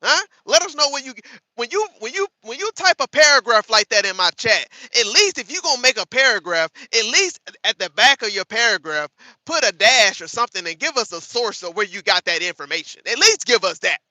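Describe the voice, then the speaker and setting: Brisk and sing-song, this man's very high voice comes across pushed and bright on a dry, rough recording. He's hosting a livestream, giving live reaction commentary, cursing at and taunting his chat combatively while repeating lines over and over for emphasis.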